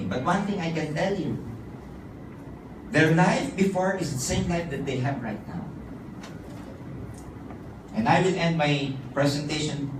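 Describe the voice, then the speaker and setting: A man giving a rousing, repetitive motivational sales presentation to a hall audience. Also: medium pitch. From Philippines. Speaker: business presenter. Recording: echoey hall from far off with noise.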